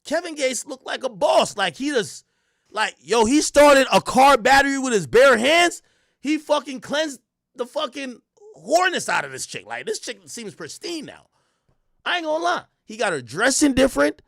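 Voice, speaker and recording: Male streamer, casual crude commentary to chat; lively pitch, dry booth sound. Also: moderate pace, creaky, no echo. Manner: crude, animated ranting with frequent laughs. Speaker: livestream host.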